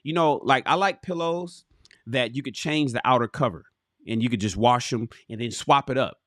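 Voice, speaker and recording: A man hosting a casual livestream, reading a relationship book aloud and commenting to his viewers in an animated, swearing, buddy-to-buddy manner. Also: mid-range voice, normal speed, dry recording, studio quality. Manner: animated, swearing, addresses viewers as fellas and bro. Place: home.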